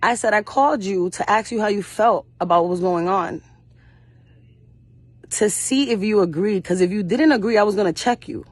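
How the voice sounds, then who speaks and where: A young actress appearing as an interview guest tells personal stories with blunt, fiery passion, cursing often and acting out the voices of her mother and others. Her voice is medium-pitched at a normal speed, recorded with no echo.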